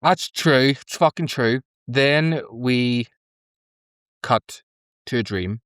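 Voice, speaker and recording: Young guy on a podcast recapping tv, super animated and giggly, dry close mic, mid pitch voice. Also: takes it slowly, smooth, no room sound. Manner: animated, laughing, mimics characters in high squeaky voices. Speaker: podcast co-host. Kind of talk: casual reaction commentary.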